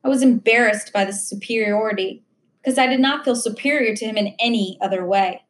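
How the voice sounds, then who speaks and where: A woman narrating an audiobook in a steady, measured reading voice. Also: a little high. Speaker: audiobook reader. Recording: roomy echo.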